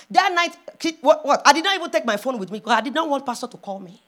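A pastor's wife preaching a sermon, moving from hushed storytelling to loud, impassioned calls. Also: female voice, high voice, expressive, fast talker.

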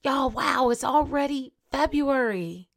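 A woman's voice: high voice, animated, slow, gravelly. Chatty woman hosting a podcast. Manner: chatty, asks listeners questions, laughs often. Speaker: podcast host. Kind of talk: casual solo podcast monologue.

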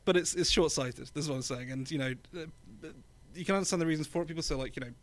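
A man's voice: on the high side, fast talker. A man from England with an English accent, co-hosting a podcast in casual chat, chatty with lots of ums and easy laughs. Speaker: podcast co-host.

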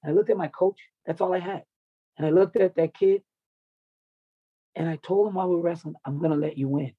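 A man's voice: high-pitched, steady tone, brisk, no room sound, phone-quality sound. A man who coaches wrestling tells a raw personal story in an interview, intense, confessional and full of swearing.

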